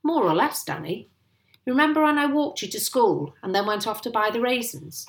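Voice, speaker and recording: A woman's voice: on the high side, animated, brisk, voice pushed up. A woman reading aloud and voicing a proud, sly father who talks in a conspiratorial, pleased way. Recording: roomy echo.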